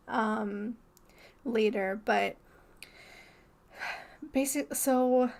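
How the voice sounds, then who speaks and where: A woman's voice: on the high side, gravelly. A young woman co-hosting a podcast, telling a story in a rambling, casual way full of "like" and restarts. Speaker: podcast co-host.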